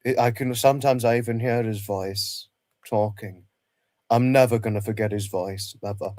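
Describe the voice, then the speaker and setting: A man speaks on a casual livestream in a middle-pitched voice, talking haltingly, circling back and repeating phrases as he gropes for words. The sound is dry and close, with no room around it. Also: steady tone, darkish tone, no room sound. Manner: halting, repeats himself, many restarts. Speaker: livestream host.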